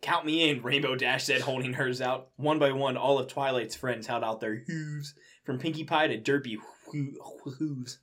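A man's voice: mid-range voice, fairly even intonation, normal speed, fairly bright tone. A young man reading fan fiction aloud in a casual, amused way, with incredulous asides between the lines. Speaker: reader.

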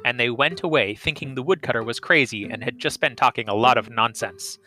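A man's voice: mid-range voice, a little fast, pushed and bright. A man telling a folk tale aloud as the host of a storytelling podcast, reading evenly and expressively. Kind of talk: storytelling narration.

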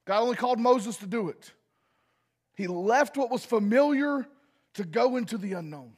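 High-voiced man preaching with passion. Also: animated, normal speed. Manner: impassioned preaching with sharp swings in loudness; addresses the congregation directly. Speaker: pastor. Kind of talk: sermon.

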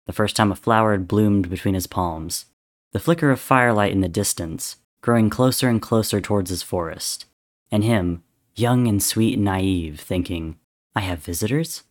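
A man reading a story aloud in a measured, softly dramatic narration. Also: lowish voice. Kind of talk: reading fan fiction aloud.

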